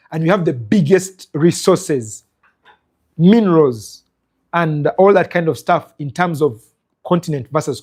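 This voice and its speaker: A man's voice: on the high side, a little mellow, husky. A man hosting a live stream from a cafe, giving rambling, emphatic commentary and reacting to viewer comments.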